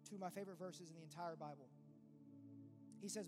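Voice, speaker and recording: High-voiced man preaching in a hall. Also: steady tone, quick pace. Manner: earnest, conversational preaching with rhetorical questions. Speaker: pastor. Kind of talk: sermon. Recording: long reverb with faint music behind.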